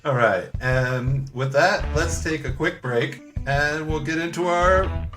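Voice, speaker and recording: A man's voice: fairly high pitch, takes it slowly, over music. A man hosting a casual movie podcast, playful and leading the segments. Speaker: podcast host. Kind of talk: casual chat.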